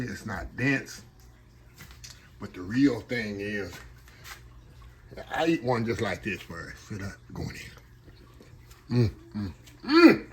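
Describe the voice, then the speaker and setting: A middle-aged man and kitchen manager chatting excitedly in a casual cooking vlog, talking to viewers from his kitchen while the camera sits on a tripod. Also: mid-range voice, slight background noise. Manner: chatty and excited, keeps addressing viewers as y'all. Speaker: home cook and kitchen manager. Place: home kitchen, indoors.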